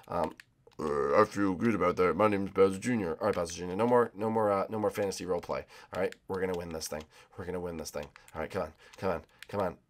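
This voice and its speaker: A man hosting a gaming channel, rambling excitedly to viewers while racing. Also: on the low side. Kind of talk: casual gameplay commentary.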